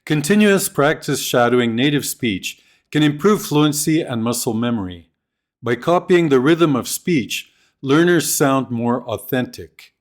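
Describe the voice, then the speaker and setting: A man giving a scripted lesson on teaching pronunciation, slowly modelling example phrases and sentences. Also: mid-range voice. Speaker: teacher trainer. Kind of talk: scripted instructional narration.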